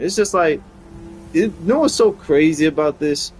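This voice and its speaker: A man's voice: a little high, very animated, moderate pace, faint music behind, low-quality recording. Young man ranting on a podcast. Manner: heated, profane storytelling that climbs into loud outbursts. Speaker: podcast host. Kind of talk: casual chat.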